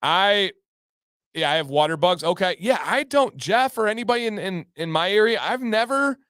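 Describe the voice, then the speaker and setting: A man hosting a casual livestream, answering chat by name and reacting in a lively, talkative way. His voice sits a little high for a man. It sounds close and dry, with no room echo. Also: moderate pace, smooth. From Michigan. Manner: chatty and animated, laughs often, repeats phrases, reacts to chat by name. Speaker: livestream host. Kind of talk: casual livestream chat, reading viewer comments.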